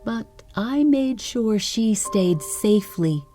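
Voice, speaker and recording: A woman reading a bedtime story aloud, soft and calm, as the host of a sleep story show. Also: medium pitch, slow pace, soft background music.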